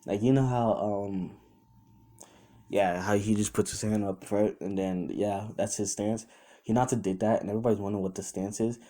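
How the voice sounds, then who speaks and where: A man's voice: lowish voice, fairly even intonation, normal speed, mellow. A young man casually retelling a fan story off the cuff, rambling with many fillers and restarts. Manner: quotes characters in his own voice.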